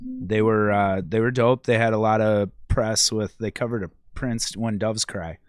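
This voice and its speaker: A man's voice: fairly low pitch, fairly even intonation, measured pace, smooth, no echo, studio quality. A man from Minnesota, a musician and guest, telling stories in a rambling, laid-back podcast chat. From Minnesota, USA.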